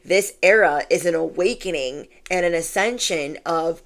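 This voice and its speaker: Woman doing a chill spiritual reading, kinda low voice, lots of "like", super affirming. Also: measured pace, hardly any pauses, slight background noise. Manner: chatty and affirming, heavy use of "like". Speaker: intuitive card reader. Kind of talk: casual spiritual reading to camera.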